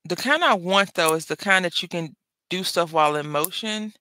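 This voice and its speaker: Crafting host with a bright, forward tone and a dry, close sound. Chatty and rambling, talks while working. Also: medium pitch, normal speed, no room sound. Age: adult with school-age kids. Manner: rambling, chatty, self-interrupting. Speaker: papercraft channel host. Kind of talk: casual chat while crafting.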